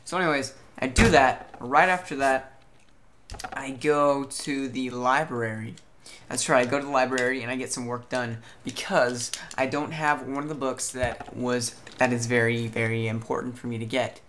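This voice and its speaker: Young man, from Southern California, casual vlog chat, rambling, mid-pitched, faint background hiss. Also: moderate pace. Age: young adult. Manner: chatty, rambling, animated storytelling. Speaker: vlogger.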